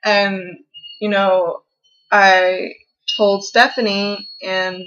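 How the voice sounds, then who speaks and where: A young woman talks into a camera mic in her bedroom, her confessional vlog full of fillers, restarts and halting turns. She sounds upset and close to tears. The recording is a little dull and lo-fi. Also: mid-range voice, flat delivery, fairly bright tone. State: tearful, upset. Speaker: vlogger.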